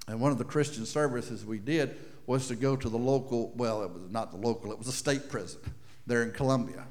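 A middle-aged man preaching a sermon, swinging from loud declarations to hushed asides and slowing down for emphasis. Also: medium pitch. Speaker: pastor.

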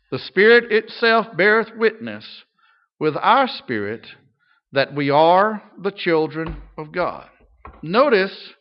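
High-voiced, unhurried male pastor preaching. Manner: preaching with wide swings between loud and hushed. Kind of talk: sermon. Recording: slightly dull, lo-fi recording.

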